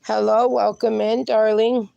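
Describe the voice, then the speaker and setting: A woman hosts a relaxed live stream from outdoors with her dogs, reading out viewer comments and chatting back in an easy, unhurried way. Her voice has a gravelly, creaky edge, and the sound is close and dry. Now and then she coos at her pups in baby talk. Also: a little high, no room sound, dull audio. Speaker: livestream host. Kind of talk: casual livestream chat, reading viewer comments aloud.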